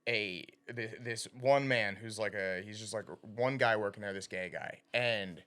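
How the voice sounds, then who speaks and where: A young man co-hosting a podcast, telling a long story in casual chat, animated and swearing, laughing at his own punchlines. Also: on the low side, moderate pace, clean tone. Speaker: podcast co-host. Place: recording studio.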